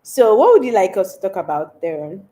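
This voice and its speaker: A woman's voice: medium pitch, big pitch swings, fairly quick, warm tone. A young Nigerian woman with a stuffy, congested voice from a cold, chatting casually on a livestream and laughing often. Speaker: livestream host. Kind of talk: casual livestream chat reading comments.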